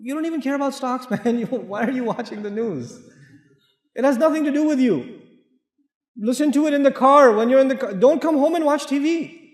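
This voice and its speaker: A man's voice: extremely high pitch, expressive, fairly quick. A man with an American accent preaching a joking, direct sermon to families. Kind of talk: humorous sermon. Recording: echoey hall with long reverb.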